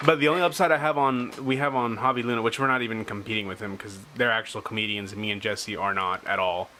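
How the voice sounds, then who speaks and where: A man's voice: lowish voice, fairly even intonation, quick pace, sharp tone, slight background noise. A young man hosting a casual podcast chat, rambling, swearing a lot and laughing often. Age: young adult. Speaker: podcast host. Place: small home room. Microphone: headphones and desk mic.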